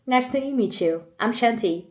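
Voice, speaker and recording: A woman's voice: on the high side, animated, unhurried, echoey room. A woman in her twenties opening up in a candid vlog, chatty and emotional, close to tears at times. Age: 20s. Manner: emotional, chatty, laughs often. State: choked up, on the edge of tears. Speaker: vlogger. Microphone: camera mic.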